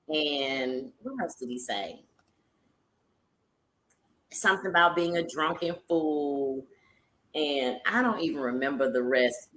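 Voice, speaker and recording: A woman hosts her own live stream and chats casually with the viewers she calls y'all. She sounds bright and animated and laughs often, and her voice bounces around an echoey room. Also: on the low side.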